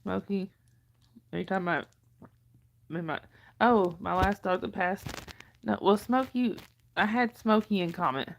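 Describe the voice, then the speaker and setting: A woman's voice: mid-range voice, a little slow, gravelly, long pauses, a little hiss or hum. A middle-aged woman hosting a casual livestream, chatting with viewers, reading their comments aloud and cooing at her dog.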